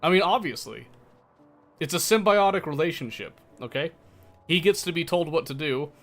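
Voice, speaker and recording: A man's voice: fairly high pitch, lively intonation, normal speed, fairly bright tone, soft background music. A young man live-streaming a game, chatting casually with his viewers in a playful, teasing, mock-defensive way. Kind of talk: casual live-stream chat while gaming.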